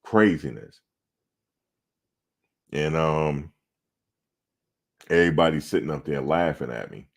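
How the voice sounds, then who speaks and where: A man hosting a sports talk show, telling a profane, animated story about his playing days. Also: very deep voice, slow pace, pauses often. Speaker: show host. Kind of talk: casual storytelling.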